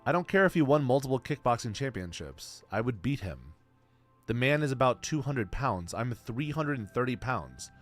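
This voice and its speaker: A man's voice: mid-range voice, sing-song, normal speed, soft background music. A man in his twenties, streaming and answering chat in casual, blunt talk full of bro and man. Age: 20s. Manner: blunt, slangy, calls everyone bro and man.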